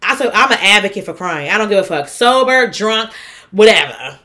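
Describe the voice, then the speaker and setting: A woman's voice: medium pitch, animated, normal speed, pushed and bright. A woman co-hosting a podcast, talking bluntly and emphatically with lots of swearing. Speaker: podcast co-host. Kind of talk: casual chat.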